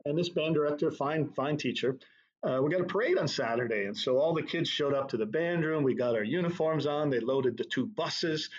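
Middle-aged man, husky voice, easygoing storyteller, dull lo-fi sound. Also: a little high, fairly quick. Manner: relaxed anecdotal, laughs at own stories. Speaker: drum corps tour director. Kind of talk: conversational interview storytelling.

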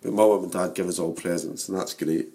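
A Scottish man in his forties talking football and family, lively and quick to laugh. His voice sits fairly low and has a slight hoarseness from wear. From Scotland. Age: 40s. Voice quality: animated, laughing storyteller. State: losing his voice. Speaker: podcast co-host. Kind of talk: casual football chat.

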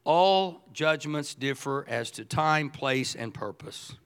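An older man preaching a sermon as pastor, swinging from quiet asides to loud excited bursts and often repeating words as he starts a thought. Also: on the high side, slow pace, clear, resonant tone. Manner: animated, shifts from quiet to shouting.

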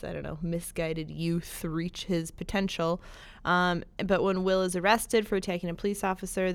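A woman's voice: fairly low pitch, clear, resonant tone, no echo. A woman co-hosting a podcast, chatting casually about movies and laughing easily. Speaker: podcast co-host.

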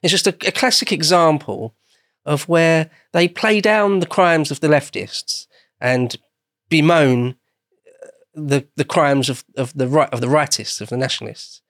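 A man's voice: fairly high pitch, unhurried, fairly bright tone, no echo, clean studio sound. An Englishman explaining history as a guest in a casual podcast conversation, meandering and often rephrasing himself.

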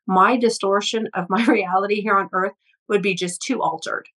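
A middle-aged woman speaking as a guest healer in an interview, earnest and storytelling, with a steady middle pitch. She often restarts with repeated words as she warms into each anecdote. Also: moderate pace, rough recording. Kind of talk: conversational interview.

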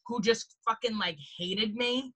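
A woman's voice: fairly high pitch, measured pace, fairly bright tone. A woman guest on a comedy podcast, telling a rambling anecdote full of "like" in casual talk.

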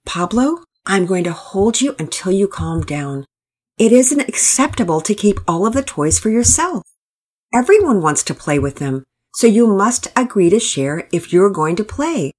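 A woman voicing a patient but firm father in a storybook, speaking calmly and steadily. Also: mid-range voice, moderate pace.

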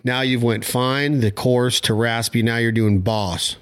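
A man's voice: mid-range voice, steady tone, a little slow, clear, resonant tone. A man hosting a casual chat, eagerly prompting his guest with short requests. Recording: loud duck calls behind.

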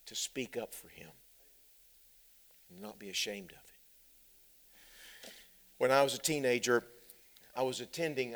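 A man in the pulpit delivering a sermon. His voice sits at a middling pitch for a man and keeps rising into loud, insistent stacks of parallel phrases before sinking back to a near-murmur. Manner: swings between hushed low passages and loud emphatic climbs; builds with repeated parallel phrases. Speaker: preacher.

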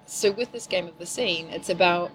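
A middle-aged woman from New Zealand with a mixed, softened accent, talking casually and laughing easily as an improv teacher on a podcast. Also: fairly low pitch, normal speed, slight background noise, rough recording. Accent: New Zealand, softened by years in England. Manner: chatty, laughing, self-deprecating. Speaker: improv teacher and corporate trainer.

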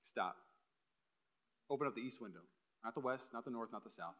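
Fast, bright-voiced young pastor preaching. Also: male voice, mid-range voice. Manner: energetic, joking asides, fast bursts. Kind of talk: sermon. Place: church hall.

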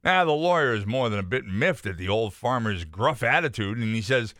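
A man co-hosting a morning radio show, chatting and telling jokes in a playful, animated way, close on a studio microphone. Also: mid-range voice, a little fast, hardly any pauses, no echo. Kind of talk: casual radio banter and joke telling.

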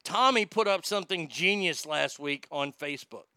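A man's voice: fairly high pitch, animated, normal speed, bright, forceful tone, clear, resonant tone, no echo. Profane, rambling male podcast host. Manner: profane, rambling, reads listener comments aloud. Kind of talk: casual commentary.

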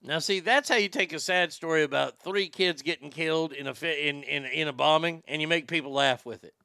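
A man hosting a comedy podcast, delivering an irreverent, rambling monologue with deadpan jokes. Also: a little high, brisk, gravelly, smooth, dry recording, studio quality.

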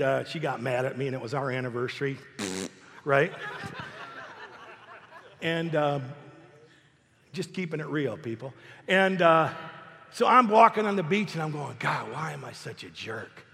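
A middle-aged pastor with a notably high voice delivers a lively sermon. He punches key phrases loudly, then drops into quiet, conversational asides. His voice carries a long reverb, as in a large church hall. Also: moderate pace, vocal fry, long pauses. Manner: animated preaching, swings between loud emphasis and soft asides. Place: church sanctuary.

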